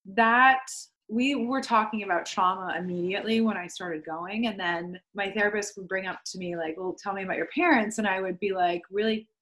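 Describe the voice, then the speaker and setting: A young woman appears as a podcast guest and tells her story candidly, chatting casually with lots of "like" fillers and swearing freely. Her voice is mid-range, fairly bright, and at normal speed.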